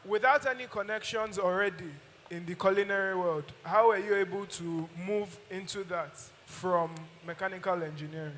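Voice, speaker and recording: A man in the audience asking the chef a question, speaking quietly and haltingly. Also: sits high. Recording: long hall reverb, faint noise.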